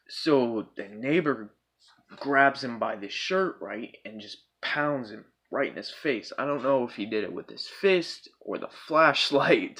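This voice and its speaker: Swearing heavily as he rambles through a personal story, a young man keeps checking in with his listeners, saying "right?" and "bro." He has a medium-pitched, fairly bright voice.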